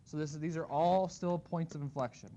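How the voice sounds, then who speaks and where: A man's voice: fairly high pitch, fairly even intonation, brisk, warm tone, a little hiss or hum. A man teaching a math class, talking casually and thinking aloud as he graphs. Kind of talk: classroom lecture.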